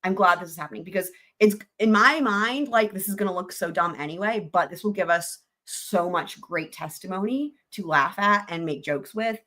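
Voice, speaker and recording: A woman's voice: medium pitch, moderate pace, few pauses, pushed and bright. A woman hosting a casual livestream, reading court filings aloud and joking, often breaking into giggles. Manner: giggly, jokey, trails off into laughter. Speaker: livestream host.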